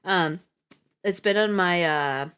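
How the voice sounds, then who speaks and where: Low-voiced rambling woman streamer. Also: slow, fairly bright tone, clear, resonant tone. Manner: rambling and chatty, laughs often, swears casually. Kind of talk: casual chat on a reading livestream.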